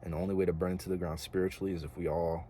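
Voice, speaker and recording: Low, mellow-voiced young man rambling earnestly. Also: flat delivery, rapid-fire, a little hiss or hum. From United States. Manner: earnest, rambling, slangy with filler words. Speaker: vlogger. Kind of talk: casual spiritual monologue.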